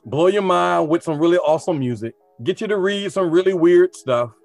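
Animated man teacher, dry close sound. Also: sits high, a little fast, creaky, no room sound, faint music behind. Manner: animated, talks in rhetorical questions. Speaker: art teacher. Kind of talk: casual podcast conversation.

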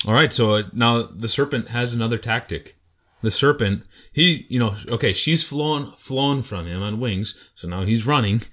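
A man co-hosting a casual Bible study talk, retelling passages as an animated storyteller who acts out voices. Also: medium pitch, normal speed. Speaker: podcast co-host teaching Bible passages.

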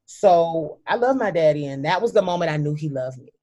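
A woman telling a heartfelt personal story as a guest, emphatic and sometimes halting, often speaking straight to the listeners. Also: sits low, animated, dark tone.

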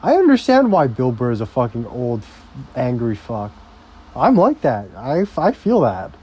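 A man's voice: medium pitch, huge pitch swings, husky, dull audio. A young man ranting casually and profanely on a vlog, rambling from topic to topic. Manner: rambling, heavily profane, slow-paced. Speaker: vlogger.

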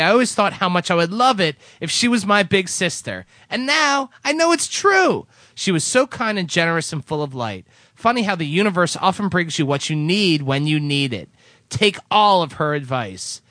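A man reading listener letters on a chatty podcast, his voice sitting high and swinging widely in pitch. The tone is bright and forward, and the sound is close and dry with no room around it. He plays the letters up with a lively, joking delivery. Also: brisk, no echo. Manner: animated, breaks into laughs while reading. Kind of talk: casual chat, reading letters aloud.

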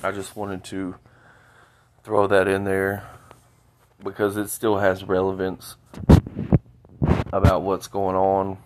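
A man with a low, heavy voice talks slowly through a solo podcast. He sounds stuffy from a cold and often stops to repeat a word before going on. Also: monotone, very noisy. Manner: halting, repeats words, rambling. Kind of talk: solo monologue.

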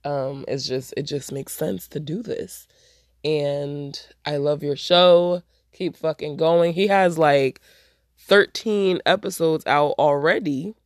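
A woman's voice: sits low, takes it slowly, dry recording, studio quality. A woman hosting her own podcast, talking bluntly and profanely in a casual solo rant, with a stuffy nose. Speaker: podcast host.

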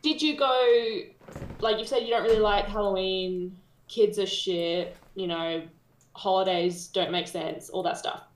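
An Australian woman co-hosts a casual podcast, ranting bluntly and swearing freely. Her voice sits at an ordinary pitch and carries a noticeable roomy echo. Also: steady tone, a little slow. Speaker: podcast co-host. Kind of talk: casual chat.

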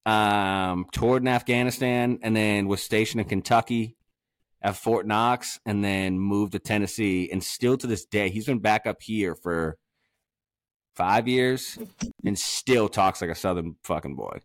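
A man from Massachusetts hosting a podcast, chatting casually and telling profane, animated stories. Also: fairly low pitch, measured pace, dry recording, studio quality. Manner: profane, animated storytelling with frequent laughs. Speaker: podcast host.

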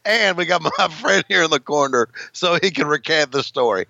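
A man with a gravelly voice co-hosts a casual podcast and gruffly pushes back at his partner's teasing. His pitch is a little high and moves a lot. The recording is dry and close. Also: expressive, moderate pace, sharp tone, no room sound, muffled recording. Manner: gruff, laughing protests. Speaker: podcast co-host. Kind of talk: casual chat.

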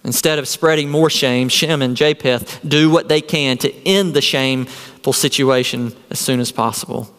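A man's voice: medium pitch, moderate pace, fairly bright tone, long reverb tail. A man preaching a sermon as a pastor, earnest and full of rhetorical questions.

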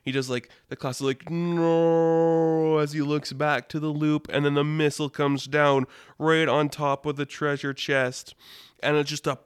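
A man hosting a casual storytelling podcast, animated and laughing often, with lots of "like". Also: a little high, normal speed, smooth, no echo, studio quality. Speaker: storyteller host.

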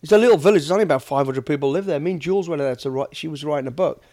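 A man's voice: fairly high pitch, racing, dark tone. Blunt middle-aged British man. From United Kingdom. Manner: blunt, plain-spoken, swears casually. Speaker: podcast host, former soldier and bodyguard. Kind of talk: casual chat, storytelling.

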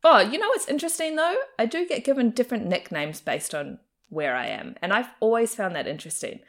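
A woman's voice: on the high side, sing-song, brisk. A young adult woman with a faint New Zealand accent, chatting in an interview and laughing often. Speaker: actor and comedian interviewee. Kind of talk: casual interview chat.

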